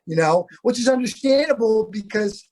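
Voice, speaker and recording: Rambling middle-aged actor, good-humored. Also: male voice, high voice, animated, moderate pace, a little mellow. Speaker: actor, interview guest. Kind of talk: casual interview chat.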